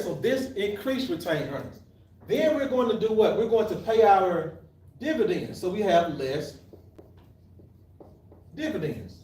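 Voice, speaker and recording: In a live classroom lecture, an accounting teacher with a high-pitched, darkish-toned male voice poses questions to the class and answers them himself, frequently restarting. The room is echoey and the mic sits at a distance.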